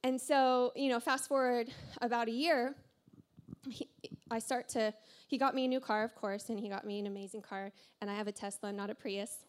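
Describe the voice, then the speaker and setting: A woman pastor preaching to a congregation, telling a personal story in an animated, self-deprecating way and laughing often. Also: a little high, moderate pace, smooth. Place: church service before a congregation.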